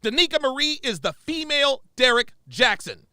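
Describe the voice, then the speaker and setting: A man's voice: very high voice, big pitch swings, normal speed, pushed and bright, clear, resonant tone, no room sound, studio quality. A man giving heated, profane, sarcastic reaction commentary as the show's host.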